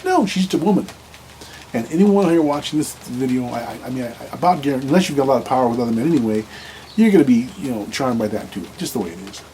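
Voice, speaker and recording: A blunt man giving dating advice in a loose, unscripted monologue, with a voice of ordinary middle pitch. He rambles and often restarts his sentences, stumbling over repeated words as he goes. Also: lively intonation, quick pace, dark tone, a little hiss or hum, rough recording. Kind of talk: casual monologue to camera.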